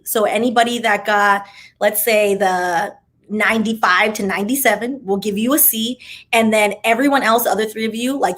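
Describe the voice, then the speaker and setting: A young adult woman telling a story in a casual, animated vlog chat. She acts out what people said, with chatty asides. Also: medium pitch. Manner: animated, dramatic retelling with acted-out quotes; chatty asides, says "child" and "like" often. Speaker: vlogger.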